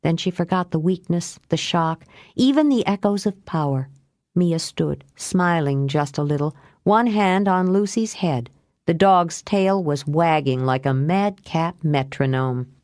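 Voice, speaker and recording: A woman reading an audiobook aloud, lifting her pitch for dialogue and dropping low for the narration. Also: expressive, measured pace, a little mellow, no echo, clean studio sound. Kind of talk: audiobook narration with character voices.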